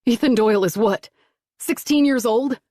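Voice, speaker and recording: A woman's voice: on the low side, no echo, clean studio sound, close to an everyday voice. A woman reader voicing an upset middle-aged father who talks bluntly and with disgust. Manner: blunt, disgusted, quick to deny.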